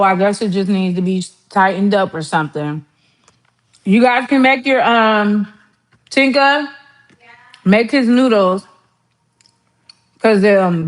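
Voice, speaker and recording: A woman talks casually to her livestream viewers while cooking. She tells family stories with a loose, chatty rhythm and laughs often, her pitch sitting in an ordinary middle range. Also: fairly bright tone. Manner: chatty storytelling, laughs often, mimics relatives. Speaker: livestream host.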